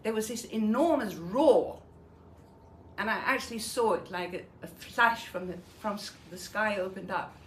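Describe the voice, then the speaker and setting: An older Danish woman, a Holocaust survivor, gives a personal memoir talk about her wartime memories. Her mid-range voice moves unhurriedly as she tells the story vividly and acts out the dialogue. The room is echoey, with faint noise.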